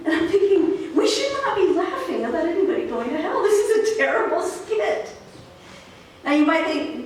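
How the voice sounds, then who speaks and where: A woman pastor preaching a sermon in a relaxed, conversational storytelling way, with fillers. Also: very high-pitched, normal speed, slight background noise. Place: church sanctuary. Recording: echoey church hall from far off.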